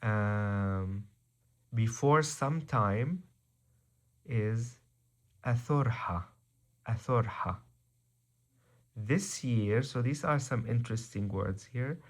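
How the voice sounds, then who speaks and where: Man, language teacher, very slow pace, repeats words carefully. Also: medium pitch. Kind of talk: vocabulary lesson.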